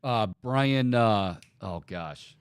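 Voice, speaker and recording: A man's voice: lowish voice, drawn-out words, clean tone, dry recording. A man hosting a casual sports talk show, laughing often and rattling off statistics. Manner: animated, laughing, rattles off stats. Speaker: sports talk radio host.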